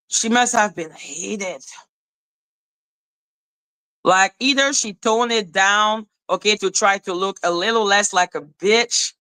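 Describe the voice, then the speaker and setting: A woman's voice: medium pitch, slow, long pauses, sharp tone, smooth, no room sound, poor audio. A woman hosting a commentary channel, ranting in an exasperated, profane and mocking way and repeating questions in disbelief.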